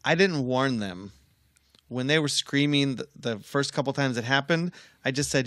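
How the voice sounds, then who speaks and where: A man's voice: medium pitch, normal speed, a bit bright, dry recording. A middle-aged man co-hosting a casual podcast. He tells a story in a firm, easy way and swears freely. His voice sits in a middle register, close and dry on the mic. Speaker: podcast co-host.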